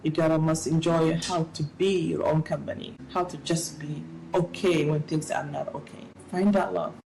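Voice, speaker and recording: A middle-aged woman speaking as an interview guest, giving animated, preachy advice with playful asides. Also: deep voice, moderate pace, gravelly, noisy background. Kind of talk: casual interview talk.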